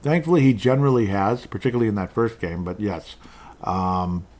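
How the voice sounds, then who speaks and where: A man's voice: fairly low pitch, brisk, darkish tone. A man hosting a casual solo podcast, rambling along and reading out listener comments with a chuckle. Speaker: podcast host.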